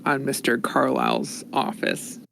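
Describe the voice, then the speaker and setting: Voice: mid-range voice, level tone, a little slow, creaky, fairly bright tone, a little hiss or hum. A player in a tabletop game, talking in character in a playful way.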